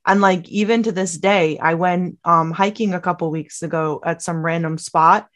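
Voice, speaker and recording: A woman from the United States co-hosting a podcast, chatting casually and landing quick jokes. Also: fairly low pitch, steady tone, fairly bright tone. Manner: joking, quick with punchlines. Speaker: podcast co-host. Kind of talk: casual chat.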